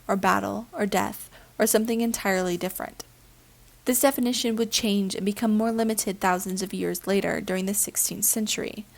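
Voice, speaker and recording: A woman reading a prepared lesson on poetry aloud, evenly and carefully. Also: mid-range voice. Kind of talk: read-aloud literature lesson.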